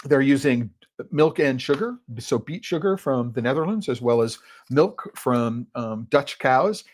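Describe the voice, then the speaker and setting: A man's voice: mid-range voice, animated, measured pace. A man hosting a solo podcast as a chocolate critic, talking casually with many fillers and restarts while tasting in his office. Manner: rambling, filler-heavy, thinks aloud.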